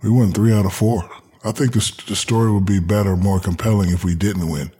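Deep-ish guy in his 40s, ex-ballplayer on a podcast, chatty, jokes and does little voices. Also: steady tone, fairly quick, mellow, slightly rough. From Newark, New Jersey, USA. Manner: storytelling, mimics people, joking boasts. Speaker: retired basketball player, podcast guest. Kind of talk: casual chat.

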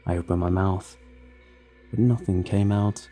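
A man narrating a horror story in a measured, grim storytelling manner. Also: sits low, steady tone, dark tone. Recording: narration with faint music underneath.

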